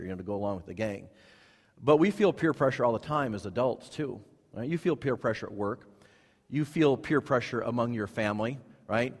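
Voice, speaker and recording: A male pastor preaching to his church, emphatic, repeating phrases, with sudden rises in pitch and volume. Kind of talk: sermon. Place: church sanctuary. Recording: long hall reverb.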